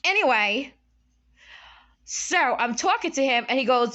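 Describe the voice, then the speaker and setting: Animated young woman telling a story. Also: moderate pace, pauses often, dull audio. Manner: animated storyteller, swings into high squeals for quoted lines. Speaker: vlogger. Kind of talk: casual story time. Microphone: phone camera.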